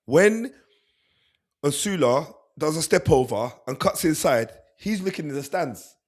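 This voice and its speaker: A man co-hosting a football podcast, talking fast and animated, acting out players' thoughts and laughing often. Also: on the high side. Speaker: podcast co-host. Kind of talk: casual football chat.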